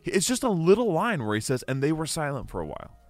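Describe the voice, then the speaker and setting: A man co-hosting a casual book club chat, earnest and quick to laugh. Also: on the high side, no room sound, faint music behind. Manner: earnest, animated, laughs easily. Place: indoor studio with mics.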